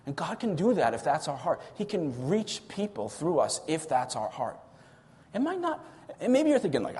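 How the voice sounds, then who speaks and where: A man preaching a sermon as pastor of his church, impassioned, swelling loud and dropping low for emphasis. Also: very animated, normal speed, long reverb tail.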